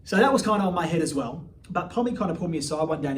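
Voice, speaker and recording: A blunt, freely swearing man in his thirties, telling a personal story as a coach, with a slightly high voice. He sits a little away from the mic, and a faint hum of background noise sits under his words. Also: expressive, very fast, recorded from a distance. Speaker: life coach.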